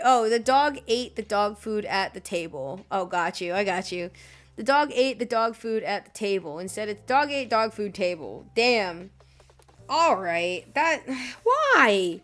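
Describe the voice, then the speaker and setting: A woman's voice: medium pitch, sing-song, a little slow, faint music behind. A woman streaming her art, chatting casually and muttering exasperated asides to herself, swearing and laughing as she goes. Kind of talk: casual chat while drawing.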